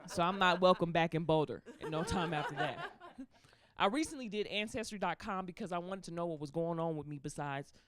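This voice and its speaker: A woman performing a stand-up comedy set, telling stories with animated delivery and acting out other people's voices. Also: lowish voice, fairly quick, very noisy. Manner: animated storytelling with acted-out voices. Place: comedy club stage with live audience. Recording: live crowd laughter behind.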